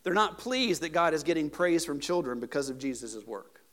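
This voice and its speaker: A male pastor preaching a sermon, moving between casual asides and loud, emphatic peaks. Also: fairly high pitch, expressive, normal speed.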